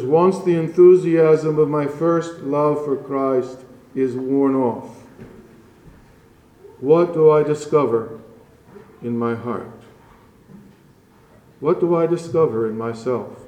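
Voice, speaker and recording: A man preaching a sermon to his congregation in slow, measured phrases, rising strongly on key words and dropping to a hush. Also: a little high, echoey room, poor audio. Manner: slow, measured preaching with dramatic rises and hushed drops. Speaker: pastor.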